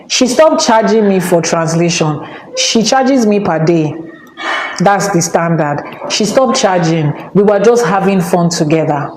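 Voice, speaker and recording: Nigerian woman host, storyteller, animated, quotes people in other voices, echoey room, faint background hiss. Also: on the low side. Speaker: spiritual teacher and channel host. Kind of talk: personal storytelling talk.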